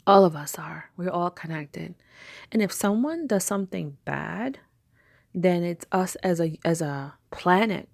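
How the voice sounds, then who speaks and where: Spiritual teacher, woman, low gravelly tone, chatty storyteller, dry close sound. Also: expressive, unhurried, a little mellow, no room sound. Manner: chatty storytelling with filler words. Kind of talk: casual spiritual talk.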